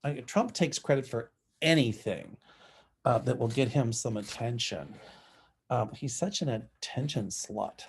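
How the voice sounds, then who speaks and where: A man's voice: mid-range voice, expressive, unhurried, a little hiss or hum. Chatty Southern man, scornful. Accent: Southern American. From Southern United States. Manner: chatty and scornful, many ums, laughs at own jokes. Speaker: psychic giving predictions. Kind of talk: casual opinionated monologue.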